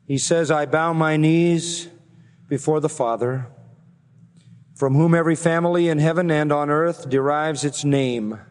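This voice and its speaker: A man's voice: fairly high pitch, steady tone, unhurried, long reverb tail. A man preaching an expository sermon as pastor, emphatic, his voice climbing on key phrases.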